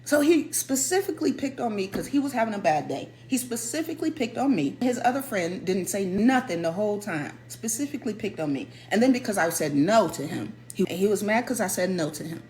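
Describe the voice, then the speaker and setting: A woman telling a personal story in a casual, animated way, stressing and repeating her points. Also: mid-range voice, a little fast, hardly any pauses, a little hiss or hum. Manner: animated, emphatic, repeats key phrases.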